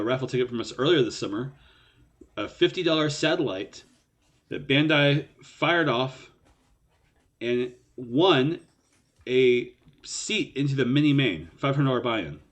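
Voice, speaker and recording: A man's voice: medium pitch, lively intonation, unhurried, pauses often, fairly bright tone. A man co-hosting a poker live stream in casual banter, joking and self-mocking and laughing often.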